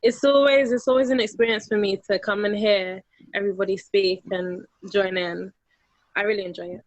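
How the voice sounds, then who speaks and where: A woman's voice: mid-range voice, fairly even intonation, a little fast, dry recording. Upbeat young woman, dry close sound. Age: 20s. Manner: chatty and upbeat, laughs easily. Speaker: team member in a meeting. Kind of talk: casual chat on a video call.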